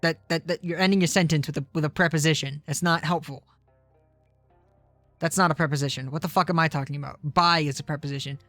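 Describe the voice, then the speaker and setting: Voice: mid-range voice, steady tone, fast, a bit bright, no room sound. A game streamer chatting live with viewers, loose and profane, who often laughs at their own rambling. The voice sits mid-range, recorded dry and close, with faint music underneath. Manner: profane, self-deprecating, rambling. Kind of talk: casual live-stream chat while gaming.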